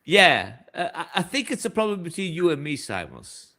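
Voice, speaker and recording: Animated, halting man co-host. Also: fairly high pitch. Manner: animated, halting, restarts and casual swearing. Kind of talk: casual chat commentary. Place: remote online call.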